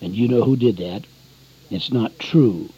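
A man's voice: lowish voice, a little slow, slightly rough, no room sound. An older man preaching an earnest, folksy radio sermon, often calling his listeners friends. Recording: dull lo-fi radio broadcast.

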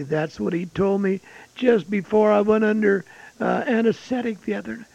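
An older man preaching a folksy sermon, reading scripture and telling stories, swinging from loud exclamations to hushed asides. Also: sits high, moderate pace, vocal fry. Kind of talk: expository sermon. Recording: dull lo-fi sound.

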